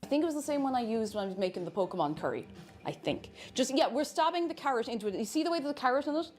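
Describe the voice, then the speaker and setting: Lively, high-voiced woman chatting while cooking. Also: very fast. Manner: chatty, rambling, playful. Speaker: cooking streamer. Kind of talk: casual chat while cooking on stream.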